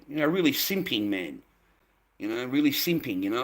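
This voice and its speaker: A man's voice: medium pitch, lively intonation, quick pace, fairly bright tone. Exasperated man venting on a livestream. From Australia. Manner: exasperated, swearing, repeats himself. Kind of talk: casual ranting to a live chat.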